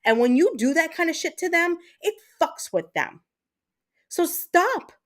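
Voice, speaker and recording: A woman with a high voice hosts her own livestream. She talks straight to her viewers in an angry, blunt rant and swears freely. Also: very animated, unhurried. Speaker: livestream host.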